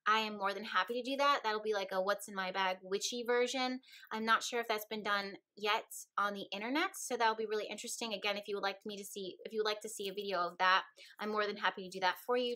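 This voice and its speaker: A young woman with a bright, clear voice talks to her viewers in a relaxed, earnest way. She is chatty and personal and keeps addressing her audience directly, at a middle pitch. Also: low-quality recording. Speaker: vlogger and witchcraft shop owner. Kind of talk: casual talk to camera.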